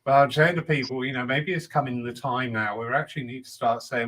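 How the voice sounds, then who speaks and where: A man's voice: medium pitch, steady tone, fast talker, a bit bright, rough recording. A man hosting a casual panel discussion, chatty and given to acting out quoted voices. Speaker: host.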